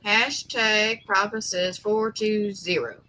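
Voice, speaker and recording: A woman's voice: medium pitch, steady tone, slow pace, pushed and bright, slight background noise, low-quality recording. A woman, hosting a live stream in a motherly, encouraging way. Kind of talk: casual live stream chat.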